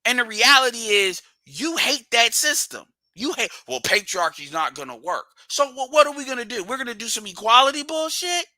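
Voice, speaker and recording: A man's voice: very high voice, lively intonation, brisk, few pauses, pushed and bright, no echo. A man hosting a livestream, ranting bluntly and profanely and hammering his points through repetition. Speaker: livestream host.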